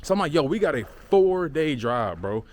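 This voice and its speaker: Animated man telling a road story. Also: on the high side, normal speed. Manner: animated, acts out voices in quotes, slangy with frequent fillers. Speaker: vlogger. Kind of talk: casual storytelling.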